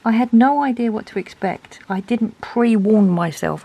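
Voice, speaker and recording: A woman's voice: medium pitch, lively intonation, moderate pace, creaky, hardly any pauses, dark tone, slightly rough, low-quality recording. A woman, chatting casually and thinking aloud as she reviews art supplies.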